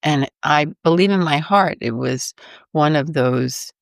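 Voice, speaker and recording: A woman's voice: low-pitched, measured pace, creaky, no echo, studio quality. A woman guest on a podcast, a vocal artist, telling a story animatedly and laughing often between sentences. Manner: lively, laughs often mid-sentence, acts out her own reactions. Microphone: podcast microphone.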